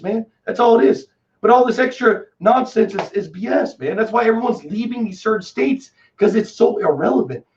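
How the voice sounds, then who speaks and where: A man in his twenties with a Texan accent, a guest talking in a rambling, excitable way and calling people dude and man. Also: high-pitched. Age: 20s. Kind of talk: casual chat. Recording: distant, dull lo-fi call audio.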